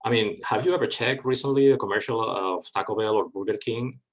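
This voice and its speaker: A man answering questions after his academic talk, in a lively, wry way with quick restarts. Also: on the low side, low-quality recording. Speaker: guest speaker.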